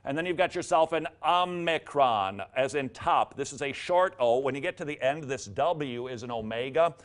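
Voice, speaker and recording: A man walks through letter sounds in a casual lesson, sounding them out again and again. He drops in dry little jokes between letters. His voice sits at an ordinary middle pitch. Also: animated, moderate pace. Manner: jokey asides, repeats sounds aloud. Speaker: teacher. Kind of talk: casual video lesson on the alphabet.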